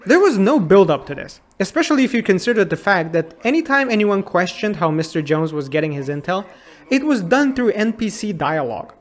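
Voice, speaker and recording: A man's voice: high-pitched, sing-song, brisk. A man in his thirties narrating a comedic game retrospective in a sarcastic, incredulous and exasperated way. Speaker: YouTube game reviewer.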